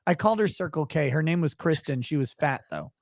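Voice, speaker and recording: A tired man, yawning through a story, tells it with swearing and quick laughs. His voice sits a bit high for a man, and the sound is close and dry. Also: creaky, dry recording. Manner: animated, profane, laughs often. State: tired, yawning while talking. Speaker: podcast guest. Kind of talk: casual storytelling conversation.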